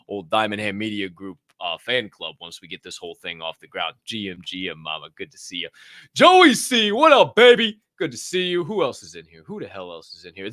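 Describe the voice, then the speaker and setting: A man hosting a casual livestream, excitedly and profanely greeting people in the chat by name. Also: lowish voice, dry recording, clean studio sound. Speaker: livestream show host.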